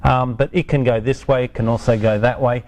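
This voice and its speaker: A man's voice: mid-range voice, steady tone, fairly quick, a little mellow. A man giving a casual, hands-on product demonstration outdoors, chatting and correcting himself as he explains each step. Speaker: product presenter. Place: outdoors on a hot day.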